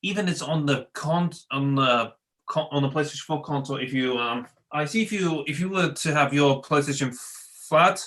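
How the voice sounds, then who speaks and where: Male co-host, bright tone, playful, trips over his words. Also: a little high, normal speed. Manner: playful, stumbling and restarting mid-sentence. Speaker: podcast co-host. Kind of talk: casual chat.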